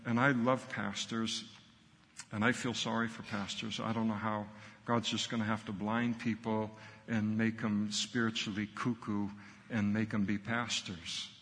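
A man's voice: fairly low pitch, fairly bright tone, in a large hall. A middle-aged man, a pastor, preaching a sermon earnestly and emphatically in short punchy phrases.

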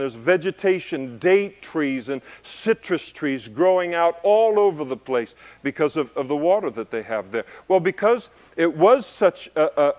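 A man preaching a conversational sermon, joking in asides, building to loud emphasis and then easing down soft. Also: fairly high pitch. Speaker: pastor. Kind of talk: expository sermon to a congregation.

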